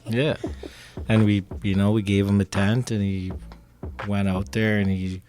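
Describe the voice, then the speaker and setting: Low-voiced man telling a story. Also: level tone, a little slow, background noise. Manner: warm storyteller, acts out quoted dialogue. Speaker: panelist and ceremony helper. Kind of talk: radio panel discussion, storytelling.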